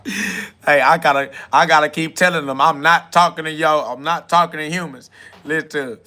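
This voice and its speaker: A man talks as a podcast host in a rambling, preachy monologue, full of street slang and scripture references. His voice sits a little high and sounds bright and forceful. He jumps from loud, hyped outbursts to low murmurs. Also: normal speed. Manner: swings between loud hype and low murmurs. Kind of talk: freewheeling spiritual monologue.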